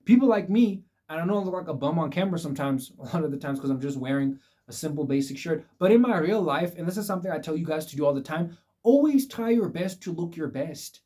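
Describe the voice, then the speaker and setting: A young man vlogs life advice directly to his viewers in a casual talk, calling them "guys." His voice is fairly high, warm, and lively in intonation, and he speaks quickly, emphatically, and repetitively.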